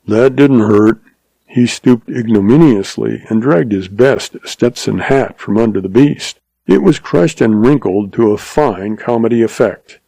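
A male storyteller reads in a measured, expressive way. His voice is warm and mellow, with a mid pitch. The recording is dry and close. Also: gravelly, no echo, low-quality recording. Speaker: narrator. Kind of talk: audiobook story narration.

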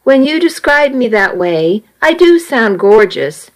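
A woman's voice: fairly high pitch, sing-song, a little slow, poor audio. A woman voicing an earnest teenage girl. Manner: earnest, sometimes impatient.

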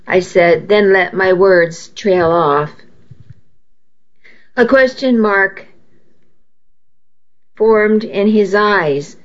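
A woman reading a first-person novel aloud in a measured, intimate storytelling manner, heard on a dull lo-fi recording. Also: on the low side. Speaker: audiobook narrator.

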